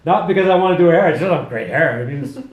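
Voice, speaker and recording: A man's voice: on the high side, lively intonation, very fast. A male hairdresser telling stories in casual chat while cutting hair, full of asides and laughter. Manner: chatty storyteller, laughs often, full of asides. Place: hair salon. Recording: echoey salon room.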